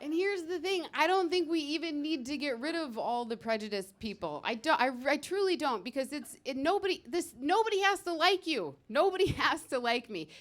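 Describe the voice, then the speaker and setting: A woman working a stand-up set on stage, talking in a brash, punchy way. Her voice sits a touch high for a woman, and she keeps a casual, conversational delivery. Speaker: stand-up comedian.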